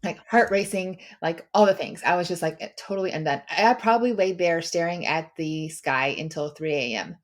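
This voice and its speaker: A middle-aged woman hosting a podcast, telling a personal story in a chatty, animated way with lots of filler words. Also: fairly low pitch, moderate pace, few pauses. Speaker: podcast host; mother of daughters. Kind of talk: casual storytelling chat.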